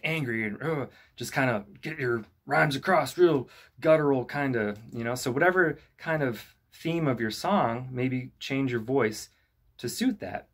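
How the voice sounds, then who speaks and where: Laid-back man teaching rap basics. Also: mid-range voice. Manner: relaxed and conversational, with many fillers like "you know" and "kinda". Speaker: youth club rap instructor. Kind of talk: casual instructional talk to camera.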